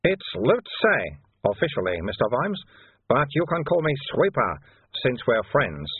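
A man reading an audiobook, voicing a calm, wily older sweeper-monk who teases dryly. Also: medium pitch, measured pace, breathy edge, dry recording, full character voice. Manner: calm, dryly teasing, knowing. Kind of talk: audiobook character voice. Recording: dry tinny phone-like sound.

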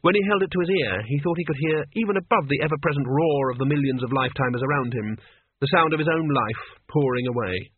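Husky man reading an audiobook. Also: on the high side, quick pace, no room sound. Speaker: audiobook narrator. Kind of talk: scripted narration. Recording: tinny phone-like sound.

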